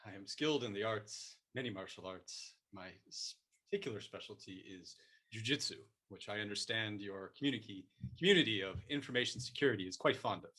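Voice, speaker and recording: A man playing a self-styled martial arts master in an improvised comic bit, speaking in a measured, mock-solemn tone. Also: on the low side, bright, forceful tone, breathy edge. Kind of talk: improvised comic role-play.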